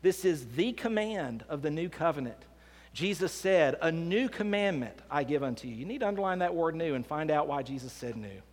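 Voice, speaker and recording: A man preaching a sermon as pastor, swinging between hushed and emphatic delivery. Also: a little high, expressive, a little fast. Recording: long hall reverb.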